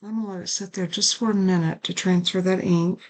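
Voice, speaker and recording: Middle-aged woman, lower register, under the weather with a cough, chatty, apologetic craft tutorial host. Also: fairly even intonation, brisk, darkish tone, poor audio. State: coughing and sneezing. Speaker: card-making crafter.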